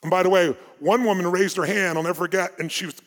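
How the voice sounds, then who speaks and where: A man with a somewhat high voice addresses a seminar audience in a storytelling manner. He swings between forceful emphasis and quiet, hushed passages. His voice rings with the long reverb of a large hall. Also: steady tone, fast talker. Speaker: motivational seminar speaker.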